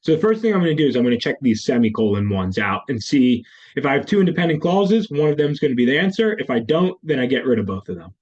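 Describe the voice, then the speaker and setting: A man's voice: medium pitch, very animated, fast talker, darkish tone, dull audio. A male test prep teacher explaining grammar questions in a recorded lesson, repeating key terms as he goes. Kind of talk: screen-recorded lesson walkthrough.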